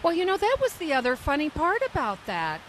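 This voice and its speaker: A woman in her fifties, a longtime flight attendant, telling a story in an interview with lively, dramatic delivery. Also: high-pitched, a little fast, slight background noise, rough recording. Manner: lively, dramatic storyteller who acts out quotes.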